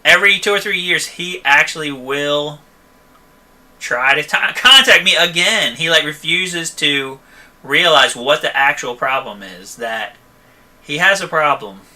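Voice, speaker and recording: A man with a sharp, very bright voice, set a little high for a man, chatting casually on a live stream. He rambles through stories from his repair shop and keeps checking in with listeners. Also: lively intonation, a little slow. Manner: chatty, rambling, frequent "okay?" and "you know". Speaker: host answering viewer questions; van repair shop owner.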